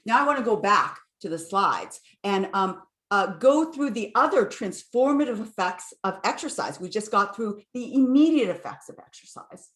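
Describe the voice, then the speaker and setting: A woman's voice: mid-range voice, animated, normal speed, hardly any pauses, a bit bright, echoey room. A woman neuroscientist giving an enthusiastic online lecture, with fillers and restarts, speaking into a computer microphone.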